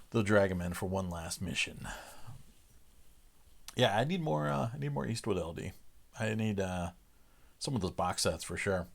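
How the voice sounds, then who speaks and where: A man's voice: lowish voice, measured pace, gravelly, pauses often. A man hosting a livestream, chatting casually with viewers and chuckling between loose, filler-heavy sentences. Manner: relaxed, chuckling, lots of "uh" fillers. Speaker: livestream host. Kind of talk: casual chat with live chat viewers.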